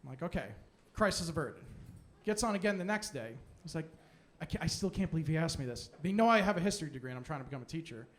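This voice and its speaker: A man's voice: fairly high pitch, expressive, fast talker. A young man doing a stand-up set in a comedy club, sarcastic and brash as he fires back at a heckler. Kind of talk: stand-up set with crowd work.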